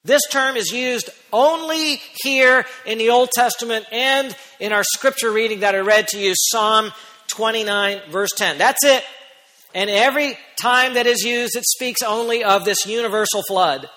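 A man preaching a sermon as pastor, who speaks emphatically and rises to near-shouts on key points. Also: very high voice, unhurried, big-room sound.

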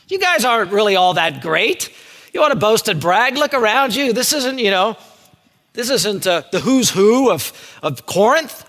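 A man preaching a sermon, animated and emphatic. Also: moderate pace. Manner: animated preaching, rising to emphatic high bursts. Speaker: pastor. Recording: long hall reverb.

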